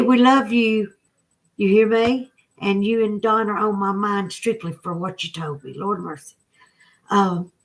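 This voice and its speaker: Emotional Southern woman chatting with viewers. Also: lowish voice. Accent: Southern American. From Southern United States. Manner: folksy, emotional, talks to viewers by name. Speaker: livestream host. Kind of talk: casual livestream chat. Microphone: phone.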